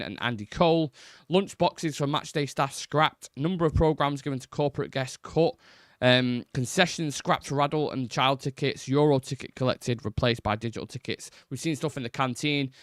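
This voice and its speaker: A man's voice: medium pitch, a bit bright, dry recording, studio quality. A man hosting a live football fan stream, chatting casually and bluntly, swearing freely and restarting his sentences as he rambles. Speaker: football fan channel host.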